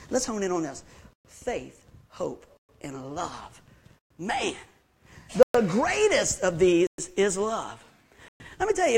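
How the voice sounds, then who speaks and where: A man preaching a sermon to his congregation in a folksy, animated way, with lots of questions to the listeners. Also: high-pitched. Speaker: pastor.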